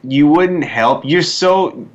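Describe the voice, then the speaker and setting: A man's voice: fairly high pitch, lively intonation, slow pace, lo-fi sound. A man with a Californian accent co-hosting a podcast, laid-back and joking in casual chat. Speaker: podcast co-host.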